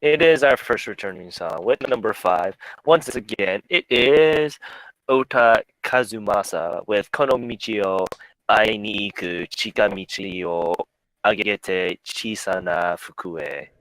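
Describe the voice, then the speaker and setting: A man's voice: fairly low pitch, measured pace, a bit bright, dry recording, poor audio. A man hosting a music podcast in casual chat, reading out chart rankings and sales figures and laughing often.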